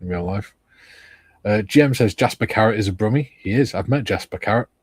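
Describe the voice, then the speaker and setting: Husky low-voiced man hosting a chat. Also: brisk, dry recording. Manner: easygoing, reads viewer comments aloud. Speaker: stream host reading viewer chat. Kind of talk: casual chat while painting models.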